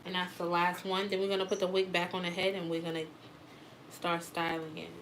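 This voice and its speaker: A woman's voice: fairly low pitch, little pitch movement, a little fast, a bit bright, slight background noise. A woman teaching a live wig-making class, explaining steps in a casual, chatty way.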